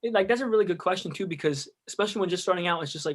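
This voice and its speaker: Fast-talking young male actor. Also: high-pitched. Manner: fast, hesitant, many fillers. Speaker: actor, podcast guest. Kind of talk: casual interview.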